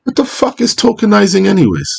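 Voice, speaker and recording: A man's voice: high-pitched, huge pitch swings, fast talker, vocal fry, darkish tone, breathy edge. A man on a casual panel show who cracks jokes and acts out mock excuses to a police officer.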